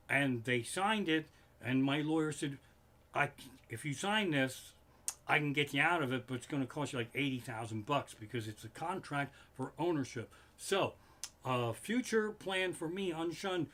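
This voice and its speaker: Male comedian host, fairly high and very bright, profane rambling home-stream monologue that erupts into loud rants. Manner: swears constantly, rants with sudden loud outbursts. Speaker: comedian hosting a livestream. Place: living room at home. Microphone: home streaming setup.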